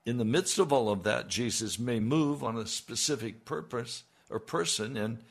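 A man's voice: medium pitch, normal speed, gravelly. A man preaching a sermon, asking his listeners pointed rhetorical questions and building to emphatic peaks.

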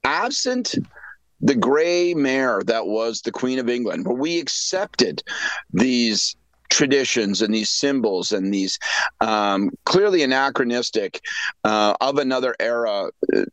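A man's voice: medium pitch, lively intonation, a little slow, fairly bright tone, no room sound, low-quality recording. A middle-aged man, giving blunt, conversational political analysis with frequent restarts. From Canada. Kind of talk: casual opinionated talk.

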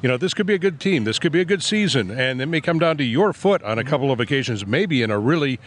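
A man hosting sports talk, asking brisk, enthusiastic questions and summing up the guest. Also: medium pitch, lively intonation, a little hiss or hum. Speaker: sports radio host.

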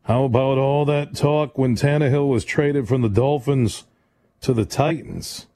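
Male sports radio host, mellow voice, fast-talking, opinionated. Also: mid-range voice. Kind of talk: late-night sports call-in show. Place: radio studio.

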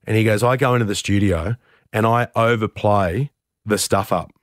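A middle-aged man recounts his own mishaps with a candid, self-deprecating ease. His voice sits low, and the dry close-mic sound leaves no room around it. He picks up energy as the story turns funny. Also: normal speed, no echo. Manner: candid, self-deprecating, animated when telling anecdotes. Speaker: radio host, interview guest. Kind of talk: conversational storytelling.

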